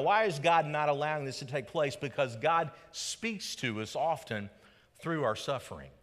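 A male pastor preaching with a lively, up-and-down delivery and a bright, forceful tone. He swings from loud rhetorical questions down to hushed emphasis. His voice carries a long reverb from a large hall. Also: a little high. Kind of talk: sermon.

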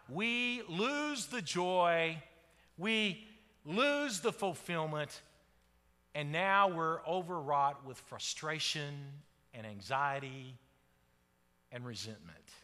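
A pastor preaching to his congregation, his high voice ringing through a big reverberant hall. He drives his points with dramatic swings, bursting loud and then dropping to a low hush. The tone is bright and cutting. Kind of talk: sermon.

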